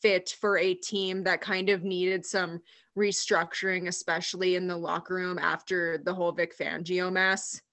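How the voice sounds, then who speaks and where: A woman's voice: on the low side, flat delivery, moderate pace, a bit bright. A woman co-hosting a podcast in casual chat, easygoing and supportive with a wry touch. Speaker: podcast co-host.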